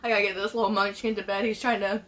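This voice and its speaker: In a casual vlog, a young beauty vlogger opens up to her followers about being pregnant, rambling emotionally with many restarts and bursts of laughter. She speaks rapid-fire at a medium pitch, her tone level and a bit bright.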